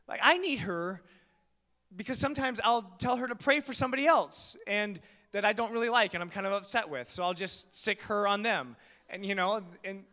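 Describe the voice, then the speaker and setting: A male pastor preaching a sermon in a church, telling stories with jokes and building to loud, shouted preaching. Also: high voice, lively intonation, normal speed, long reverb tail. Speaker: guest pastor.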